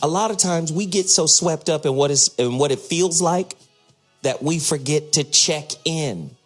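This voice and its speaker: A middle-aged man hosting a radio talk show, animated, profane and playful. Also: a little high, a little slow, soft background music.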